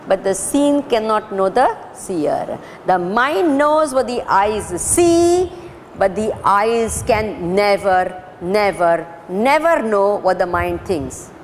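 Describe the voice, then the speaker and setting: A woman with an Indian accent gives a spiritual talk, her higher voice rising and falling in lively swoops. She keeps asking her listeners questions and slips into Hindi now and then. Long reverb from the lecture hall carries her words, over a faint hum of ambience. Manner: questioning the audience, mixing Hindi into English. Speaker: spiritual teacher.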